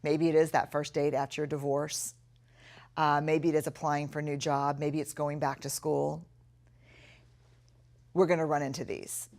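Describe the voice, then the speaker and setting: A middle-aged woman giving a recorded video lesson, talking earnestly and reflectively, slowing down to stress key words. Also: sits low, little pitch movement, darkish tone. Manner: earnest, reflective, with slow emphatic stretches. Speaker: course instructor.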